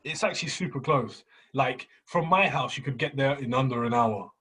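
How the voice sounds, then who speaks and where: A young man co-hosting a casual podcast chat, slangy and quick to laugh, often repeating his words. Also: medium pitch, sharp tone, husky. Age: young adult. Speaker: podcast co-host.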